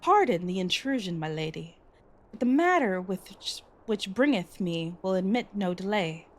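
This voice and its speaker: A woman's voice: mid-range voice, animated, moderate pace, faint music behind, close to an everyday voice. Woman reading as a stiff archaic male scholar. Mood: earnest. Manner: reads stilted old-fashioned lines aloud.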